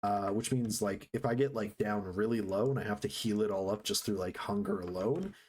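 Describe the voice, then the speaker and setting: A man's voice: lowish voice, brisk, a little mellow. A man streaming himself playing a building game, chatting casually to viewers as he plays. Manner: chatty, talks to chat while building. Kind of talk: casual live-stream gameplay commentary.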